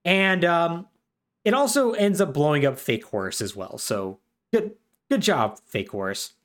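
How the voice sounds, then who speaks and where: A man's voice: on the high side, very animated, measured pace, a bit bright. A man co-hosting a podcast, recapping a game plot in a chatty, wry way with lots of fillers. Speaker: podcast co-host.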